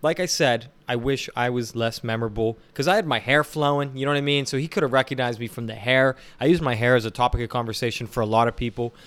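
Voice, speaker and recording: A man's voice: mid-range voice, fast, few pauses, fairly bright tone, clear, resonant tone. A young man telling a long casual story, rambling with lots of fillers like "you know what I mean". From Pittsburgh area, Pennsylvania.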